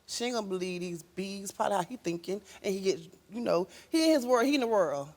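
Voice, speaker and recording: A woman talk show guest, telling an emotional story and acting out quotes with sudden loud, high outbursts. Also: lively intonation, fast.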